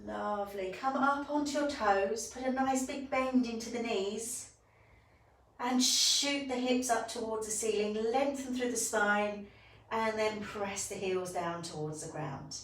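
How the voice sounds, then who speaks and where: A woman teaching a bedtime yoga class, calmly cueing each breath and movement. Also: a little high, unhurried. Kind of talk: guided yoga instruction. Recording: echoey room, voice from a distance.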